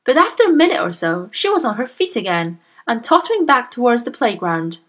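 A woman reading a children's story aloud with expressive, animated narration. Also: a little high, a little fast, rough recording.

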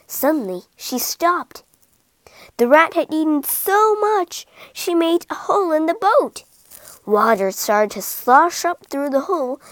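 A woman reads a children's story in a high, lively voice that rises and falls a great deal. She takes her time over each line, and the close, dry sound leaves no trace of the room. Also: no echo. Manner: slow, expressive reading. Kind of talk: scripted children's story narration.

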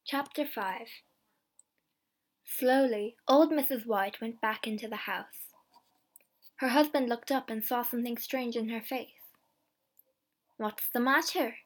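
A woman reading a simple story aloud in clear, slow narration. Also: fairly high pitch. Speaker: reader.

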